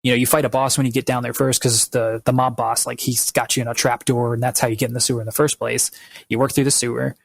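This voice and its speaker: A man's voice: mid-range voice, level tone, fast, gravelly, no room sound. A man in casual podcast chat, walking through a long recap with plenty of fillers and restarts. His voice sits in a middle register and sounds close and dry, with no room around it. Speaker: podcast co-host.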